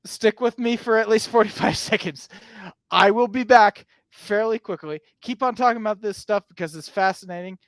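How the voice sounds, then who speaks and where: A man hosting a livestream over a remote call, talking in a quick, breezy way. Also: high voice, a bit bright, no echo. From American Southwest. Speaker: channel host. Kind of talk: casual livestream chat.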